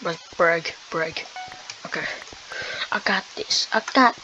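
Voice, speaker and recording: A woman's voice: mid-range voice, slow, long pauses, highs cut off. Young woman whining through a game. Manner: dramatic, whiny, swings between loud outbursts and mumbling. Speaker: gamer. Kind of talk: casual gameplay commentary. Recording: noisy background.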